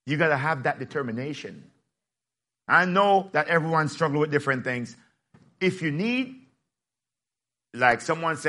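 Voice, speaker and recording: A man preaching a sermon in a lively, plainspoken way, joking with his congregation and rising to shouts. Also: mid-range voice, a little fast. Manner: plainspoken, casual phrasing. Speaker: pastor.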